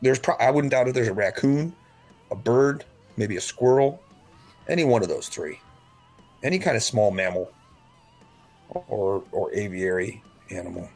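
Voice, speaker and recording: A man's voice: fairly low pitch, moderate pace, long pauses, a little mellow, faint music behind. A man co-hosting a casual podcast chat, telling rambling, profane stories and mimicking the people in them. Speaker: podcast co-host.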